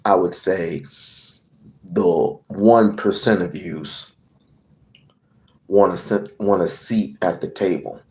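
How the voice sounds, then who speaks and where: A man's voice: deep voice, slow pace, pauses often, darkish tone. A man giving a heated political rant to camera, profane and emphatic, hammering on repeated phrases. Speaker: political commentator.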